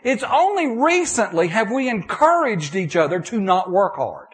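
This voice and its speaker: Animated high-pitched preacher man. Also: normal speed. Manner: animated, folksy, many restarts and "okay?" checks. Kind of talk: sermon with audience questions.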